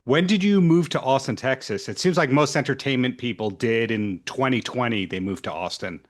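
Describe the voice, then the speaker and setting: A man's voice: mid-range voice, normal speed. A man hosting a podcast, asking his guests friendly conversational questions over a video call. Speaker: podcast host. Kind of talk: interview questions. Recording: remote video call audio.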